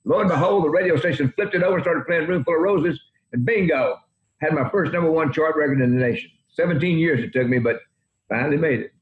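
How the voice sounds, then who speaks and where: An older man in his eighties talks quickly in a slightly high voice, telling folksy, rambling anecdotes. The audio sounds roomy and dull, like a lo-fi remote recording. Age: 80s. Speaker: country music guest. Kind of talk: interview storytelling.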